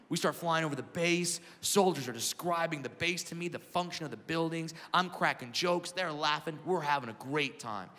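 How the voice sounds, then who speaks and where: A man in his thirties performing a stand-up comedy set with animated storytelling that swings between loud bursts and quiet asides. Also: a little high. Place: large comedy venue with a live audience. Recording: reverberant hall with audience noise.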